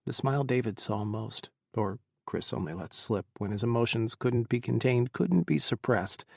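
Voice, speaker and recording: Gravelly male audiobook narrator. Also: medium pitch, lively intonation, normal speed, dry recording, clean studio sound. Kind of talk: scripted narration.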